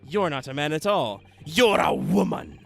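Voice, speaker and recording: A man's voice: fairly high pitch, sing-song, moderate pace, creaky, a bit bright, soft background music, heavily acted. A man voicing a flamboyant, self-assured male detective, reading with theatrical declamation. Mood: grandiose.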